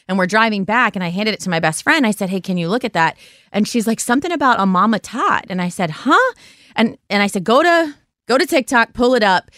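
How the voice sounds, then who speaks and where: A woman's voice: fairly low pitch, a bit bright, dry recording, clean studio sound. A woman in her thirties hosting a podcast, talking in an emphatic, blunt way with frequent swearing. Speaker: podcast host. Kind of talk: conversational interview.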